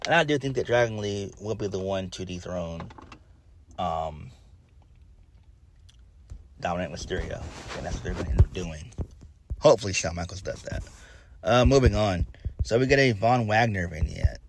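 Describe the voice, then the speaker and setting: A man's voice: low-pitched, normal speed, gravelly, pauses often, slight background noise. A man giving a casual spoken review, rambling with lots of fillers and restarts, blunt and swearing now and then. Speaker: wrestling reviewer.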